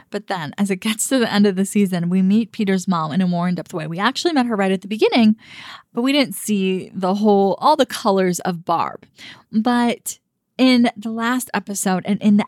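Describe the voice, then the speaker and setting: A woman's voice: medium pitch, dry recording. Young female dating coach, outspoken, chatty, mid-range voice, dry close sound. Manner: frank and emphatic, with frequent fillers and mild swearing. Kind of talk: casual opinion commentary.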